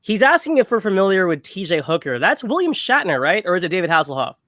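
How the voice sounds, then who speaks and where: A man co-hosting a podcast in casual chat, talking in an excitable, rambling way. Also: high-pitched, quick pace, no echo. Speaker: podcast co-host.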